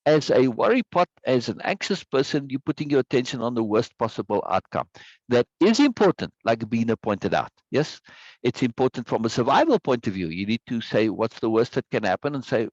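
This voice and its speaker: A man's voice: mid-range voice, lively intonation, a little fast, no echo, muffled recording. Man lecturing with emphatic repeated words. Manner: conversational, repeats words for emphasis, frequent "right?" tag questions. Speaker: course instructor. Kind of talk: live online lecture. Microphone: video call microphone.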